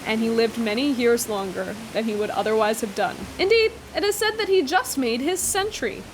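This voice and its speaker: Book vlogger, female, chatty and eager, higher-pitched voice, reads aloud with asides. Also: lively intonation, brisk, a little hiss or hum. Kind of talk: reading aloud with casual commentary.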